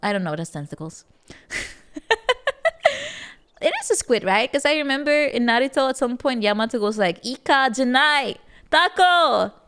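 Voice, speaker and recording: A woman's voice: on the high side, animated, normal speed, long pauses, smooth. A woman streaming a strategy game, chatting playfully and reacting animatedly, often repeating words as she stammers and laughing between remarks. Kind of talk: casual live game-stream chat.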